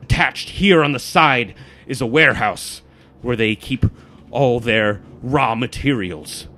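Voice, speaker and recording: A man's voice: lowish voice, very animated, slow pace, full character voice. A man voicing an intense, old-fashioned male schemer who speaks in formal, archaic phrasing. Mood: urgent, intense.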